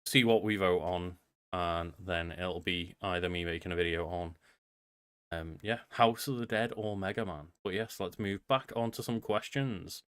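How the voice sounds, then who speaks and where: A man co-hosting a podcast, chatting casually with lots of fillers and the odd swear. His voice sits low and sounds smooth and resonant. The recording is dry and close. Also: normal speed, fairly bright tone, dry recording. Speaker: podcast co-host. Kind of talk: casual chat.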